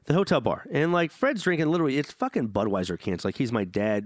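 A young man rattles off a profane, rambling story at high speed, his voice bouncing all over. He sits a little higher in pitch than most men. The sound is close and dry. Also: very animated, fast talker, no room sound. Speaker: podcast co-host. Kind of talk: casual chat.

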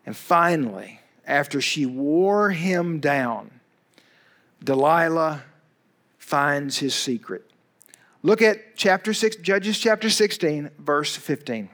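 A male pastor preaching a sermon in an animated storytelling way, with emphatic asides to his listeners. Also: fairly high pitch, slow pace.

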